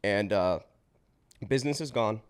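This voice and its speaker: A man in his twenties, a podcast guest, telling his life story in a casual, slangy way with swearing and quick restarts. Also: fairly low pitch, smooth. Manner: slangy and swearing, says bro and dude; fast run-on telling with restarts.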